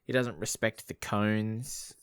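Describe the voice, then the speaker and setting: Australian male co-host, deep and rambling, says "bloody" a lot, dry close mic. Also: takes it slowly, smooth, dry recording. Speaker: podcast co-host. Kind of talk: casual movie recap chat.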